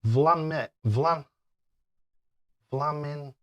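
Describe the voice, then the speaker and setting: On a darts livestream, an older man with a slightly high voice speaks very slowly through dull audio. He throws darts and reads viewers' messages in casual chat, laughing a lot and tripping over difficult names.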